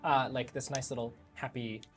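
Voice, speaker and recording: A man running a live tabletop role-playing game as dungeon master, playful and quick to laugh, with faint music behind him. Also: mid-range voice, steady tone.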